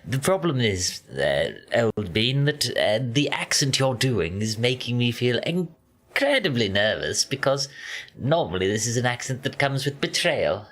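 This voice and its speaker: A man putting on an exaggerated posh, old-fashioned English gentleman voice to mock a game character. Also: medium pitch, very animated, moderate pace, few pauses, voice pushed up. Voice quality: plummy, exaggerated.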